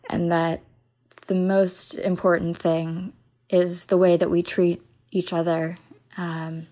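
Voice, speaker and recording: A woman's voice: lowish voice, level tone, slow, warm tone. Tired, rambling woman podcast host. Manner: rambling, self-mocking and chatty. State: tired from no sleep. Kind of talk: casual podcast chat. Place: venue during sound check.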